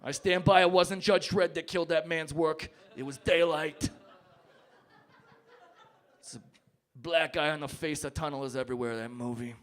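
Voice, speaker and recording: A brash man argues for tunnels on a pub comedy stage in a fairly high voice. He rants, jumps to loud outbursts and sinks into mock-tearful mumbles. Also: fairly even intonation, normal speed, pauses often. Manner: brash, mock-tough, swinging between shouting and mock-sobbing. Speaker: comedy debater. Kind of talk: stand-up comedy argument. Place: pub stage before a live audience.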